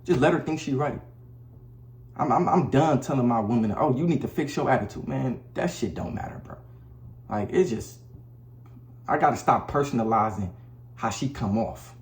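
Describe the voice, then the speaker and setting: A man's voice: mid-range voice, normal speed, long pauses, reverberant. A man giving blunt, preachy relationship advice to the camera in a casual monologue, talking in slang and often repeating himself. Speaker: vlogger. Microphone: camera mic.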